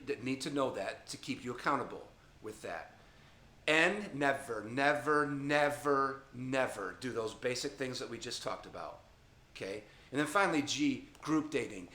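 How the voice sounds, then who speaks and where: A man's voice: mid-range voice, bright, forceful tone, reverberant. Emphatic man giving youth dating advice. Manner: emphatic, repetitive, addresses listeners directly with frequent "okay?". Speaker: youth ministry speaker. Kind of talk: informal teaching talk to a camera.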